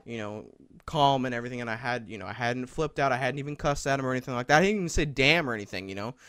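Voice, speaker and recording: Telling a lengthy story on his podcast, a young man talks at a racing clip, cursing and filling gaps with fillers as he heats up. His medium-pitched voice sounds a bit bright, clear, and resonant, and there's no echo.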